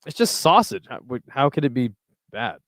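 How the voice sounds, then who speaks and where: Big pitch swings mark this medium-pitched man's speech as he hosts a laid-back live chat, reading and reacting to viewer messages with frequent swearing. He talks at a normal speed in a fairly bright tone. The audio is studio quality, with no room sound.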